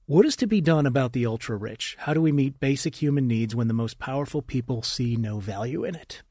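A man's voice: medium pitch, brisk, mellow, husky, dry recording, studio quality. A man hosting a radio interview, reading out listener questions in a conversational way.

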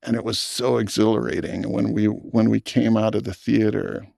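A man, a film director, talking in an interview in a thoughtful, earnest way with halting restarts. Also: fairly low pitch, level tone, vocal fry, a little mellow, no room sound, clean studio sound. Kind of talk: reflective interview talk.

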